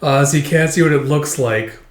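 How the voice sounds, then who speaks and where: A man's voice: fairly high pitch, brisk. Chatty man in an echoey room. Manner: chatty, filler-heavy, enthusiastic. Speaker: manga reaction vlogger. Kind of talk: casual chapter read-through. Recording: roomy echo.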